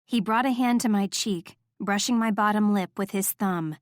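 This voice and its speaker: A woman narrates a romance audiobook in the first person, keeping her tone soft and intimate at a moderate pace. Her voice sits mid-pitch, and the close recording has no echo whatsoever.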